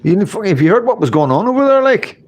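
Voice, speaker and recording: A man's voice: sits high, sing-song, fast talker. A man hosting a casual live stream, reading chat comments and rambling with repeated phrases and casual swearing. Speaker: livestream host reading chat.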